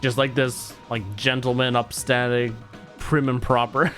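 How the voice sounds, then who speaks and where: Faint music plays as a man streams a video game, performing the dialogue in comic character voices and joking between lines, lively and playful. His pitch is medium and his pace unhurried.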